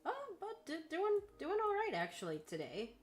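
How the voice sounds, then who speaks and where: A woman's voice: high voice, wildly swooping pitch, moderate pace, faint music behind. A woman streamer in casual chat on a call, exasperated and stammering.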